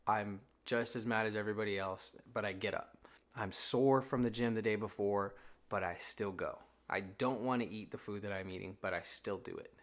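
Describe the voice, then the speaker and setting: A man's voice: fairly low pitch, a bit bright. A young man giving a casual, conversational faith talk, now and then acting out his own inner thoughts. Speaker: Christian content creator.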